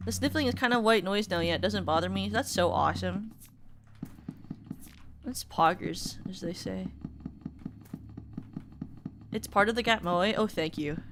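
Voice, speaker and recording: A woman's voice: mid-range voice, unhurried, long pauses, background noise. Chatty sniffly young woman streamer. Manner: chatty and self-mocking, bursts into excited shrieks. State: sniffly nose. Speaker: VTuber streamer. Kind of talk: casual game commentary. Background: game music.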